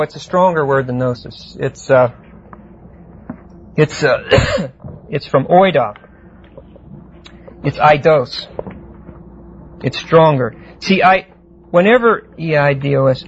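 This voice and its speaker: A man teaching a verse-by-verse Bible class, explaining Greek words deliberately and often asking the class "see?". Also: fairly high pitch. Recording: muffled lo-fi classroom tape with faint hiss.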